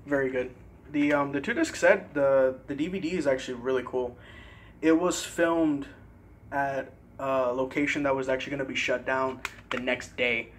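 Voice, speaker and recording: A young man casually showing his CD collection in a vlog, relaxed and a bit hesitant, pausing over tricky words. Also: mid-range voice, slight background noise. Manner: relaxed, hesitant with fillers and careful pronunciation. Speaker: vlogger. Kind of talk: casual CD collection show-and-tell.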